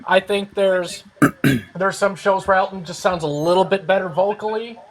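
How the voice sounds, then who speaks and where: A man with a high voice hosts a relaxed panel discussion. He thinks out loud and softens his points with repeated fillers. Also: normal speed, rough recording. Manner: rambling, hedging with fillers. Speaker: host. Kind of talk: casual online panel chat.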